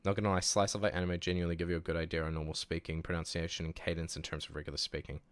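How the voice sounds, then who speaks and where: A young man with a New Zealand accent, chatting casually on a livestream and reading chat aloud, relaxed, laughing easily and restarting his sentences. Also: low voice, very fast, clean tone, no room sound. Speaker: streamer.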